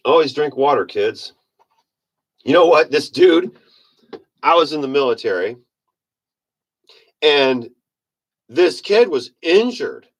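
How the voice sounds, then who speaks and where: A man's voice: fairly high pitch, big pitch swings, slow pace, long pauses, breathy edge. A man giving a casual motivational monologue in a rambling, folksy manner, often correcting himself. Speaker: self-help speaker.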